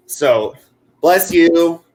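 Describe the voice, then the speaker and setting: A chatty man co-hosting a relaxed talk while he crochets. His voice sits a little high, and he rambles through long stories full of fillers and restarts. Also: drawn-out words. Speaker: co-host. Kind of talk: casual chat while crocheting.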